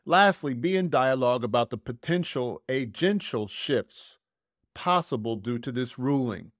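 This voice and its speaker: Deliberate man reading a podcast essay. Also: medium pitch, no room sound, clean studio sound. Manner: measured, deliberate, slows to stress key words. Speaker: podcast host.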